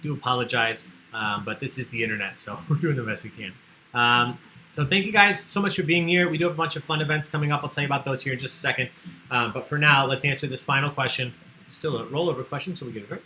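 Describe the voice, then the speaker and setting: A man's voice: medium pitch, quick pace, bright, forceful tone, a little hiss or hum, poor audio. A man hosting an online trivia livestream, chatty and joking as he reads out the answers people sent in. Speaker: trivia host.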